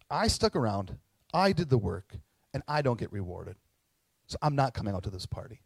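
A man preaching in a casual, animated way, often checking in with tag questions. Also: fairly high pitch, normal speed, dry recording. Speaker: pastor. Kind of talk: conversational sermon.

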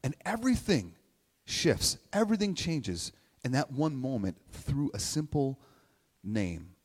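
Guy giving a chatty emotional sermon, mid-pitched voice, big reverby hall. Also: big pitch swings, unhurried, husky. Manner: conversational, keeps asking "right?"; emotional, near tears at times. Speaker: pastor.

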